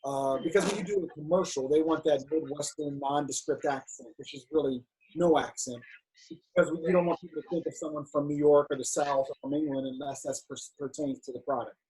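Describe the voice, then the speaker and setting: A middle-aged man with a slightly husky voice sits for an interview and tells his story candidly. His pitch sits a bit higher than most men's, and he often stumbles and restarts a phrase before pushing on. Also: steady tone, brisk, dark tone, poor audio. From United States, Cincinnati. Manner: frank, talks through restarts and stammers. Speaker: filmmaker and actor, guest.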